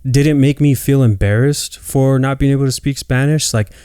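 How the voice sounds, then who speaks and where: A man's voice: mid-range voice, moderate pace, mellow, smooth, dry recording, clean studio sound. A man in his late twenties, co-hosting a podcast, telling family stories loosely and swearing freely. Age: 20s. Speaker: podcast co-host. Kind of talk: casual chat.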